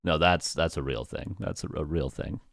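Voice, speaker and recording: A man's voice: extremely low pitch, fairly even intonation, normal speed, creaky, a bit bright, no room sound, studio quality. A man with a West Coast Canadian accent casting a live strategy game match, joking with chat and laughing often between calls. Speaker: esports caster.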